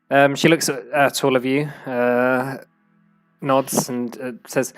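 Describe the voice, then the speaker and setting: A man's voice: medium pitch, little pitch movement, takes it slowly, fairly bright tone, smooth, no room sound, soft background music. A man running a tabletop game as game master, narrating in a rambling way full of fillers and restarts.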